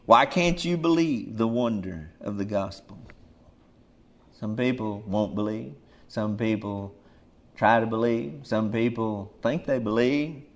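Brief: male preacher mid-sermon, emphatic, drops soft, then rises loud and urgent. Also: on the low side, measured pace. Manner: emphatic, swings between soft murmurs and loud urgent calls.

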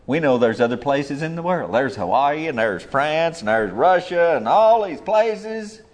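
A man preaching a sermon in a folksy, emphatic way, swinging between loud and hushed lines. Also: mid-range voice, animated, moderate pace.

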